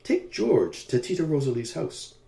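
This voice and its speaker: A man voicing a brisk, hospitable female hostess in an audiobook, giving directions. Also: a little high, big pitch swings, creaky, dark tone, voice pushed up. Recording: roomy echo.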